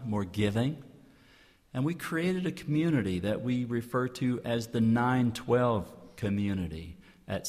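A clergyman giving an earnest inspirational public talk, building his points through rhetorical repetition. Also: lowish voice. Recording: long hall reverb.

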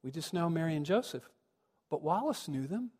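A man's voice: a little high, very animated, normal speed, a little mellow, husky. A man, a minister, giving a sermon with reflective storytelling that rises to earnest emphasis. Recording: long reverb of a large hall.

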